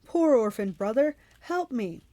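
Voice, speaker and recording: A woman's voice: on the high side, lively intonation, slow, vocal fry, darkish tone, exaggerated voice. A woman voicing a huge, brutish, one-eyed male Cyclops who bellows in broken, simple speech. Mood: pleading.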